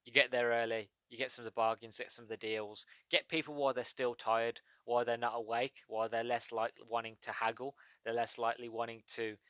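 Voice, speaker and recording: A man's voice: mid-range voice, little pitch movement, a little fast, few pauses, a bit bright, smooth, no room sound. A man with a British accent hosting his own podcast, chatting in a rambling, digressive way. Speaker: podcast host. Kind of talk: casual solo podcast monologue.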